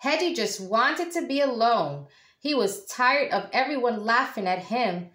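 Expressive teacher reading a picture book aloud, woman, unhurried, roomy sound. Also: a little high. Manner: slow, expressive storytelling. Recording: echoey room.

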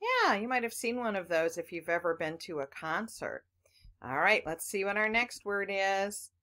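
A woman's voice: mid-range voice, sing-song, moderate pace, sharp tone. A woman teaching children phonics, patiently sounding out words letter by letter and talking to the class as boys and girls.

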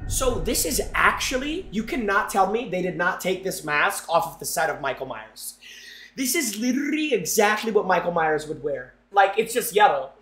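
A young man live-streaming, chatting loudly and excitedly to his viewers while he opens game packs. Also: high-pitched, normal speed, echoey room. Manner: excitable, loud, chanting and talking to chat.

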